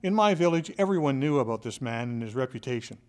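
A man who is a motivational speaker, telling a scripted story in an expressive, dramatic way. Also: medium pitch, fast talker, smooth. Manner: expressive, dramatic, with shifting loudness.

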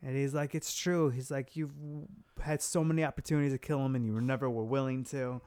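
A man in casual chat, retelling a story in an animated way and quoting the characters with laughs. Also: medium pitch, fairly quick, clean tone, no room sound, studio quality. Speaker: podcast co-host recapping a story.

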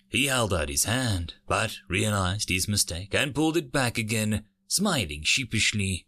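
A man reading a sci-fi short story aloud as host of a narration channel, with expressive delivery. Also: on the low side, unhurried, hardly any pauses.

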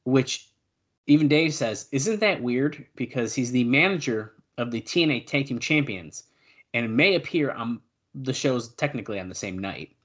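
A male podcast co-host in casual chat, reading out old news notes and adding quick asides. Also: mid-range voice, animated, fairly bright tone.

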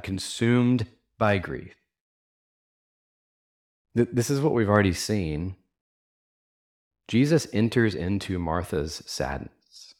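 A man pastor giving a sermon in an earnest, conversational way, asking his listeners many rhetorical questions and using casual fillers. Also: lowish voice.

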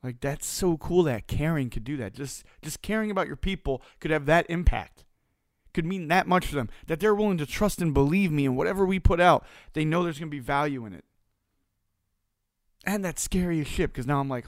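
A man's voice: medium pitch, a little fast, dry recording. A man giving a casual motivational talk as a business coach, blunt and profane, hammering points home through repetition.

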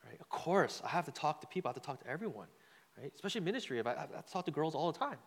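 A man's voice: fairly high pitch, big pitch swings, very fast. Man preaching in a reverberant hall. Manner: loose, conversational, repeats words, asks the crowd "right?". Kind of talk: sermon with a personal story.

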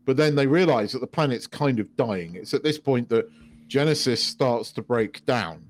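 A man's voice: mid-range voice, expressive, normal speed. A man co-hosting a podcast, chatting casually about films, swearing freely and acting out quoted lines. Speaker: podcast co-host. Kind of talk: casual film discussion.

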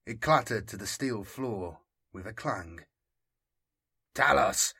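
A man narrating an audiobook in a slow, deliberate scripted reading. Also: lowish voice, animated, sharp tone, breathy edge.

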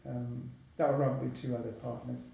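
A man, talking casually as a podcast guest in a relaxed, chatty way with many asides. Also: medium pitch, moderate pace, vocal fry, dull audio. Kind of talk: casual interview talk. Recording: very echoey room.

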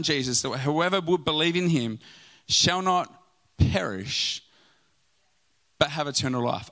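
A man's voice: on the high side, sharp tone. A male pastor preaching a sermon in a church, emphatic, with mocking asides.

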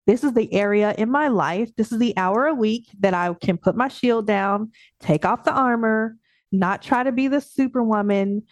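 Lively, laughing woman coach, high voice. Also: normal speed, dry recording, studio quality. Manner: animated, laughing often, acting out her own thoughts in a high voice. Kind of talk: casual podcast interview.

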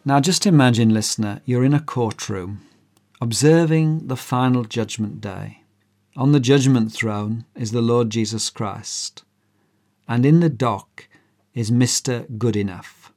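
Male preacher, earnest and emphatic, unhurried delivery, middle pitch. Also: darkish tone. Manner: earnest, emphatic, acts out characters' voices. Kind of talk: sermon with a dramatized story.

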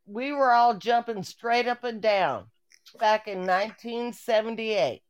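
A woman's voice: on the high side, unhurried, clear, resonant tone, dull audio. A woman from Omaha calling in, sassy and playful, swearing freely. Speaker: caller. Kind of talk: casual call-in banter.

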